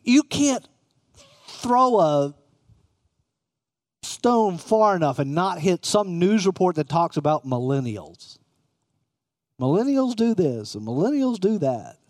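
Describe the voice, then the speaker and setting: A man's voice: sits high, sing-song, slow, long pauses, darkish tone, no echo, clean studio sound. A middle-aged man preaching a conversational sermon, often putting questions to his listeners. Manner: conversational, asks the room questions.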